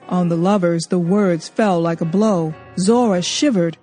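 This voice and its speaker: A woman narrates a literary novel in an expressive, measured way. Her voice is mellow and warm, and soft music plays faintly behind her. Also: fairly low pitch. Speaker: audiobook narrator.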